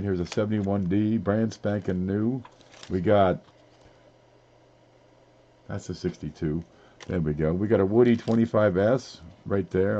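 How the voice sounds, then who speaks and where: A man's voice: fairly low pitch, dark tone, dull audio, slight background noise. A man hosting a casual live-stream giveaway, talking in a folksy, rambling way as he reads off items one by one. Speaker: livestream giveaway host.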